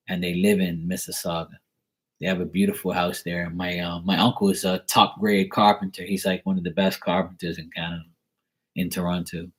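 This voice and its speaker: A man from Bermuda chatting casually on a live stream, rambling and joking as he tells stories. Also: low-pitched. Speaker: live tarot reader chatting with viewers.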